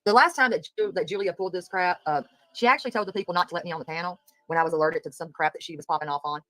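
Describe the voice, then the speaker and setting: A woman's voice: fairly low pitch, very fast, fairly bright tone, no room sound, poor audio. A woman hosting a casual livestream, greeting viewers by name and speaking bluntly and indignantly. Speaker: host of a livestream commentary show.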